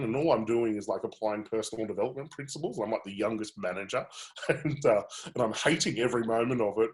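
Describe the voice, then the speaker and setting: A man coaching through a live webinar, telling his own story in a candid, animated way. His voice sits at an ordinary middle pitch, and he talks with plenty of fillers and restarts.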